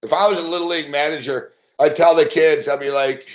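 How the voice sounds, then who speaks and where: A man hosting a live late-night sports betting show, telling stories in a profane, animated way with mock shouted outbursts. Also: on the high side, normal speed.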